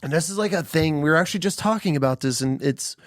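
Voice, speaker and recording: A man hosting a podcast, telling a story in an animated, emphatic way with plenty of swearing. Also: on the high side, fast talker, dry recording, studio quality. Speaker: podcast host. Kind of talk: casual conversation.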